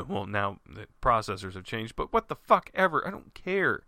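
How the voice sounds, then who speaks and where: A man rants angrily, cursing often and restarting his sentences as he rambles along. His voice is bright and forceful, climbing and swooping in pitch. The sound is close and dry. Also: big pitch swings, normal speed, creaky, few pauses, no echo. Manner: angry, profane, rambling with restarts. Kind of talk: ranting monologue.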